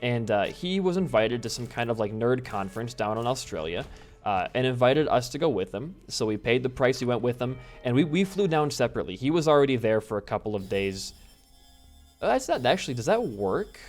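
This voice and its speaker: A man's voice: medium pitch, darkish tone. A man from the US Midwest doing casual gameplay commentary, telling a rambling story and swearing freely as he plays. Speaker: gaming YouTuber.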